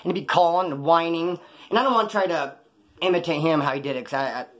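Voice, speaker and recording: A middle-aged ex-convict tells a crime story fast, in a slightly high, fairly bright voice. His telling is casual and full of profane street slang, rambling off into asides.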